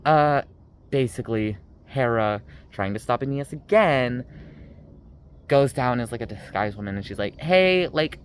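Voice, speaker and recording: A man's voice: medium pitch, moderate pace, slight background noise, poor audio. A man giving a casual, rambling book review rant, sarcastic and full of fillers.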